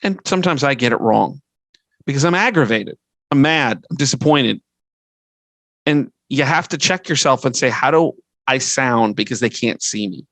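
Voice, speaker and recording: Expressive and fairly bright in tone, this man's medium-pitched voice moves at a normal pace on a low-quality recording with no room sound. Middle-aged, he hosts a podcast and consults on fundraising, giving earnest, conversational advice, listing points and often restarting sentences.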